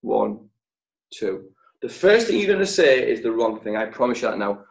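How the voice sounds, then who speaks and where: A man leading a sales training session over a video call, speaking in short, punchy phrases with deliberate pauses. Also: medium pitch, sing-song, poor audio. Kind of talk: motivational training talk.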